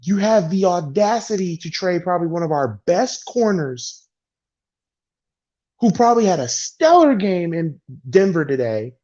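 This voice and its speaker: A man's voice: sits high, sing-song, a little slow, darkish tone. A man ranting bluntly and with exasperation as a sports vlogger venting about his football team. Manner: exasperated, blunt, heavy sighing. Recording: dull lo-fi sound.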